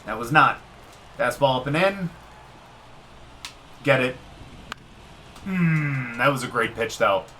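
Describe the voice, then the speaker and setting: Lively, bright-voiced gaming commentator man. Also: slow pace, long pauses, slight background noise. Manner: excitable, talks to the game, cheers and groans at each pitch. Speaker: gaming video creator. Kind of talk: casual let's-play commentary.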